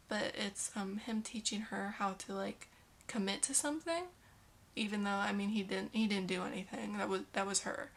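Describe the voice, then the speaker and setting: A woman's voice: a little high, normal speed. A young woman recapping and critiquing a romantic drama, casual with sarcastic asides. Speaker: film reviewer.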